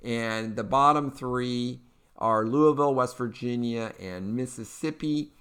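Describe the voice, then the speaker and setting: Chatty Kentucky man with a smooth voice. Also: medium pitch, measured pace, a bit bright. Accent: Eastern Kentucky. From Eastern Kentucky. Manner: chatty, folksy, upbeat, rambling with fillers. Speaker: podcast host. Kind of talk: casual political commentary.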